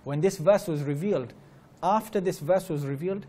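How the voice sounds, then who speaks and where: A man with a slightly high, warm voice teaches at a religious gathering, speaking briskly with few pauses. He earnestly tells stories, repeats key phrases, and fluently recites Arabic verses in his Islamic lecture, with slight background noise.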